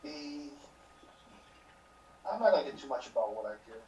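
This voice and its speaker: A man's voice: mid-range voice, sing-song, normal speed, dark tone. Laid-back young man, roomy distant sound. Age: 30s. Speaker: new player. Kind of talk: casual self-introduction. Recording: distant roomy dull remote audio.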